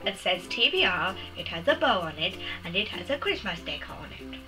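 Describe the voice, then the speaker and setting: A young woman in casual chat as a book vlogger, bubbly and full of quick asides, with music behind. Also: medium pitch, very animated, poor audio.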